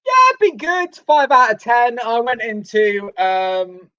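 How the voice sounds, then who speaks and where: A man co-hosting a comedy stream over a video call, making dry, deadpan asides and reading out viewer comments. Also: extremely high pitch, slow pace, no echo, dull audio. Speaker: comedy show co-host. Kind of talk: casual chat and show links on a live stream.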